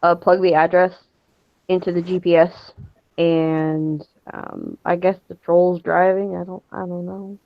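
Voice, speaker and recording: A woman's voice: fairly low pitch, fairly even intonation, a little slow, gravelly, no echo. Hesitant woman player on a lo-fi mic. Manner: hesitant, filler-heavy. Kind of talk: tabletop role-play table talk. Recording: lo-fi muffled mic.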